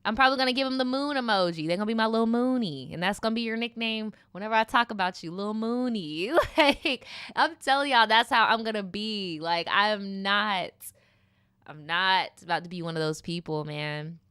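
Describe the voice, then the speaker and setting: A young woman rambles through a casual eating-show chat, slangy and animated. Her voice is bright and smooth, and the sound is close and dry. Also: mid-range voice, brisk, no echo. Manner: animated storytelling, slangy, laughing asides. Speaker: mukbang vlogger.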